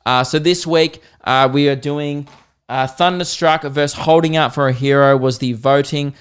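Australian male comic, podcast host. Animated, crude storytelling with a clean, resonant voice. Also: a little high, moderate pace, clean tone. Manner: animated, profane, mocking. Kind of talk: comedic storytelling rant.

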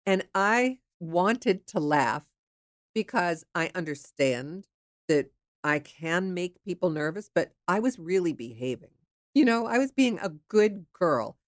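A frank, chatty woman from the Pittsburgh area tells a personal story with a lively, swooping delivery. Her voice sits fairly low for a woman, and the sound is close and dry. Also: takes it slowly, no echo. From Pittsburgh area, USA. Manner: frank, chatty, occasional swearing. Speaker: storyteller sharing her dating life.

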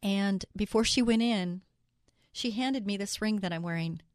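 A woman hosting a faith talk show, speaking in an earnest, personal way, quoting scripture and slowing down to stress key words. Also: medium pitch, a little mellow, no room sound, studio quality. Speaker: show host.

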